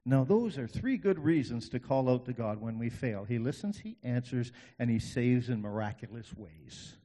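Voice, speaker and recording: A male pastor preaching a sermon, driving points home with repetition, swinging between loud and hushed, with folksy asides to the congregation. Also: mid-range voice, animated, normal speed, big-room sound.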